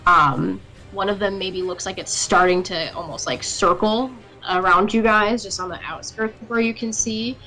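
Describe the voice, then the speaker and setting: Woman game master, bright tone, halting descriptive narration, faint music underneath. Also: mid-range voice, fairly even intonation, low-quality recording. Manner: descriptive with many fillers. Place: home setup on a live stream.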